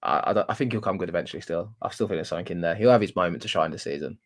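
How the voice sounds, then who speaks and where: A man's voice: low-pitched, very fast. A man co-hosting a live football podcast, chatting casually with lots of "like" and "mate". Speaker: podcast co-host. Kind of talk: casual live-stream chat.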